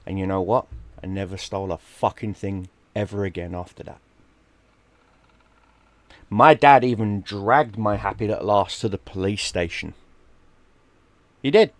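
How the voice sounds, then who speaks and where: Lowish man telling a story. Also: unhurried, pauses often, dry recording. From London, England. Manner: animated, swears freely, acts out quoted people. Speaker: streamer. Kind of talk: casual storytelling.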